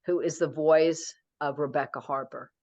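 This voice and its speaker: A woman's voice: sits low, fairly even intonation, moderate pace, a little mellow, dry recording. A middle-aged woman author talking casually in an interview, rambling with many fillers and restarts.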